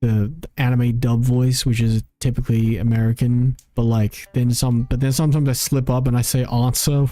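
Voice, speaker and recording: A man's voice: mid-range voice, little pitch movement, moderate pace, few pauses, mellow, dry recording. A man streaming a video game, rambling in casual commentary, often cutting himself off and laughing at himself.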